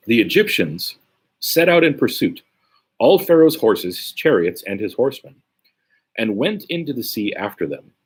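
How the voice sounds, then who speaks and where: A man's voice: medium pitch, very animated, measured pace, long pauses, slightly rough. A man leading a casual Bible study, reading scripture aloud and commenting conversationally with frequent "right?" tags. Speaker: Bible teacher.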